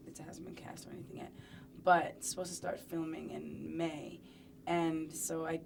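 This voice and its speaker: Young woman in a sit-down interview, kinda low voice, playful and chatty, pokes fun at herself. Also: creaky, a little hiss or hum. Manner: playful, chatty, self-mocking. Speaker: interviewee, singer.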